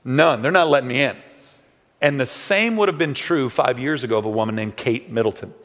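A man's voice: mid-range voice, fairly quick, a bit bright. A male pastor preaching a sermon in a loose, conversational way, full of rhetorical questions and asides. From Texas. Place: large church hall. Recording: long hall reverb.

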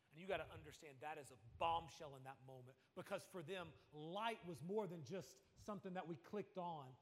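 A male pastor preaching with a dramatic sweep, moving between near-whispers and ringing emphasis. His voice sits a little high for a man and rings through a large, reverberant church hall. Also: moderate pace. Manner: dramatic, swings from hushed to emphatic. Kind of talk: sermon.

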